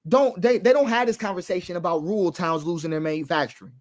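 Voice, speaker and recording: Talking fast in a high register, a man offers passionate commentary on society. Key lines get repeated for stress, questions are asked without expecting answers, and laughter slips in from time to time.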